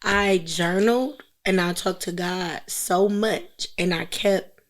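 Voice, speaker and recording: A woman's voice: fairly low pitch, takes it slowly. A woman in her thirties, a podcast guest, giving earnest, encouraging advice in casual chat.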